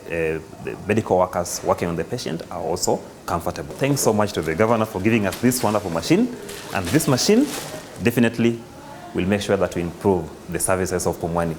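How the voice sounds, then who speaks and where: A man's voice: low-pitched, a little hiss or hum. A hospital worker showing an operating table and groping for words as he explains it. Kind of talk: explaining equipment on a tour.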